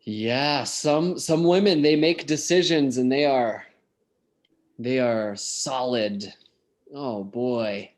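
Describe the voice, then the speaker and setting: A man leads an English lesson at an unhurried pace. He keeps drawing his students in with questions and gentle encouragement, and his pitch sits in the middle range. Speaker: English teacher. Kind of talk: online class teaching.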